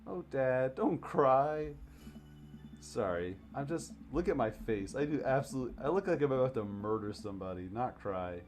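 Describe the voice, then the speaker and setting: A man's voice: medium pitch, expressive, a little fast, few pauses, a little mellow, soft background music. A man streaming a game live, joking casually as he reads and reacts. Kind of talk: live game playthrough commentary.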